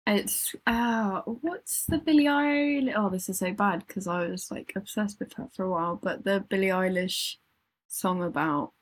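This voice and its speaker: A woman's voice: mid-range voice, normal speed. A woman co-hosting a casual music podcast, rambling and laughing as she talks. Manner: rambling, self-interrupting, laughs often. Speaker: podcast co-host. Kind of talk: casual chat about music.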